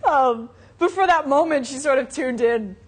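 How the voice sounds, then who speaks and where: A woman's voice: sits high, moderate pace, a little hiss or hum. A woman teaching a live meditation class. She talks casually and tells stories with light laughter. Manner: casual and conversational, many "you know"s and asides; storytelling with frequent light laughter. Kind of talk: live Buddhist dharma class talk.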